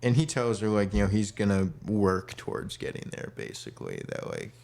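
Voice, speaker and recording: A man's voice: on the low side, big pitch swings, brisk, vocal fry, darkish tone. A young man co-hosting a podcast in casual chat, rambling with lots of fillers. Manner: rambling, many fillers, acts out quotes. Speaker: podcast co-host.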